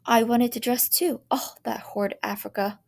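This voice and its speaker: A woman's voice: a little high, fairly even intonation, moderate pace, gravelly, a little mellow, pitched above the performer's own voice. A woman reading the part of a weary, anxious mother who sighs and pleads.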